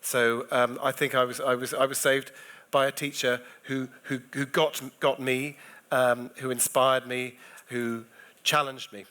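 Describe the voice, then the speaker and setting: A man with a bright, forceful voice gives a talk to an audience of teachers. He tells stories in a restless way, jumping between thoughts and restarting his sentences. The voice is clear and lively. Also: mid-range voice, a little slow. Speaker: comedian speaking at an education festival. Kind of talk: keynote talk and anecdotes.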